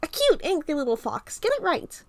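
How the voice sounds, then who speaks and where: A woman doing a bouncy teasing younger boy, pitched way up, gravelly edge. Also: big pitch swings, moderate pace, no echo. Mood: indignant.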